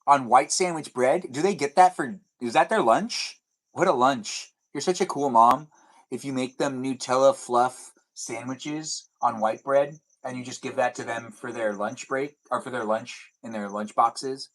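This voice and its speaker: Unhurried and medium-pitched, a young man hosts a casual home livestream, rambling as he reads chat comments out loud. There's a TV running in the background.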